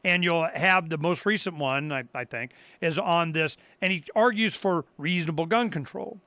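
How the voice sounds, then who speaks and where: An older man hosting a talk radio show, his voice high and bright. He tells a story in a loose, rambling way, restarting his sentences and acting out the people he quotes. The sound is close and dry, with no room around it. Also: normal speed, no echo. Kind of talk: casual talk-radio monologue.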